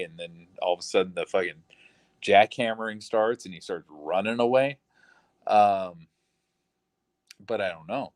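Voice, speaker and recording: A man's voice: lowish voice, no room sound. A man hosting a podcast, talking casually and incredulously over interview audio, cursing often and thinking aloud with fillers. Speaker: podcast host.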